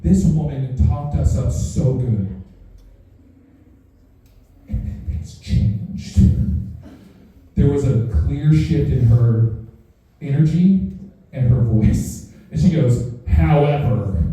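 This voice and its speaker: A man's voice: mid-range voice, slow pace, pauses often, soft background music. A young man doing stand-up comedy, telling a profane story and acting out the voices in it, recorded live. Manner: profane, animated, acts out quoted voices. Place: live comedy show in a house. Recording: echoey room, mic far off.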